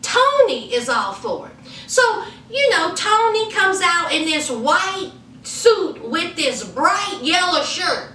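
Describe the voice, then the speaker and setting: A woman giving sassy, animated reality TV recaps full of slang and laughing asides. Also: very high-pitched, slow, a little hiss or hum. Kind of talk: sassy casual commentary. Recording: roomy, mic at a distance.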